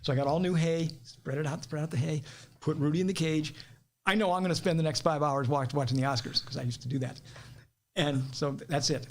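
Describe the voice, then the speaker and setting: A middle-aged man from Ohio with a high-pitched voice tells stories in a casual, animated way. He laughs easily and slips into other people's voices for the quotes. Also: brisk. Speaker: podcast guest. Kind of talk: casual storytelling.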